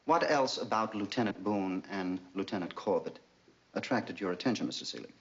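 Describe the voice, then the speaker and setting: An actor playing a military prosecutor who asks pointed, leading questions. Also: male voice, on the low side, brisk, lightly acted. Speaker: Navy prosecutor. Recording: dull old TV sound.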